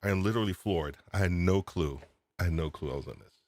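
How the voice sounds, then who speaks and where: A man with a very low voice hosts a casual live podcast stream. He is excitable, laughs often and repeats himself, speaking close to a desk microphone in a dry, dead-sounding room. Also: quick pace, no room sound. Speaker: podcast host. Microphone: USB desk microphone.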